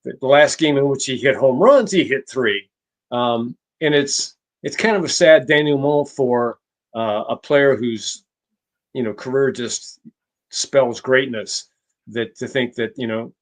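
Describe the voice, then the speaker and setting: A man at a middle pitch speaks as a guest author in a conversational interview. He tells his stories at a measured pace. He often halts and restarts his phrases. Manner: measured, halting with frequent restarts. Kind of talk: conversational storytelling.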